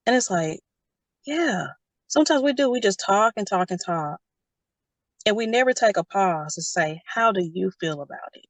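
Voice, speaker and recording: Brief: young adult woman, lively storyteller, dry close sound. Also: mid-range voice, normal speed, no room sound. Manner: animated storytelling, quotes others in character. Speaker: guest. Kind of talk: casual conversation.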